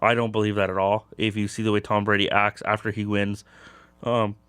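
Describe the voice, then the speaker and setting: A man's voice: fairly low pitch, little pitch movement, a little fast, fairly bright tone, clear, resonant tone, no echo. A young man hosting a casual sports talk show, rambling with lots of fillers. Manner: loose and rambling, many fillers.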